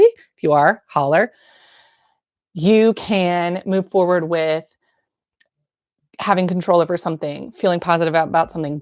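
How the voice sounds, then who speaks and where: A woman's voice: low-pitched, no echo, studio quality. A woman who works as a birth nurse, giving frank, slangy, encouraging advice straight to camera. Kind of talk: casual direct-to-camera advice.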